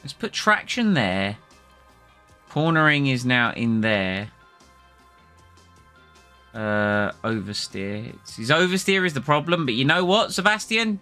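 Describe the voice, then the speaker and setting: Male game streamer, bright voice, casual running commentary, faint music behind. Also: medium pitch, big pitch swings, normal speed, long pauses. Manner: chatty, reacts aloud to the game and chat. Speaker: streamer playing a racing management game.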